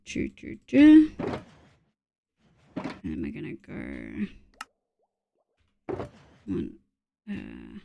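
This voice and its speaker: A woman's voice: extremely low pitch, wildly swooping pitch, very slow, creaky, long pauses, dark tone, highs cut off, a little hiss or hum. A woman from Australia streaming a game, counting items under her breath between chatty asides to her viewers. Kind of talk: casual gameplay chat with chat readers.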